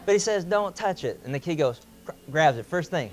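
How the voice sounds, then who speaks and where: Fast and a little high-pitched, a man recounts a casual anecdote to a group over slight background noise. He's animated, acting out quoted voices and chuckling between lines.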